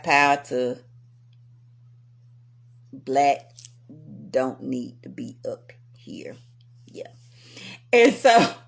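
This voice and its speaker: A woman hosting a vlog, telling personal stories to her viewers with frequent laughter. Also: a little high. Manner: animated, laughs often, talks to viewers. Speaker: vlog host. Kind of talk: casual storytelling commentary.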